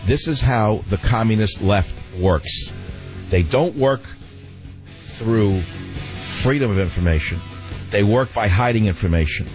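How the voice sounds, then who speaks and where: A man hosting a radio talk show, ranting in an animated, exasperated way into a studio mic. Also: fairly low pitch, unhurried, soft background music.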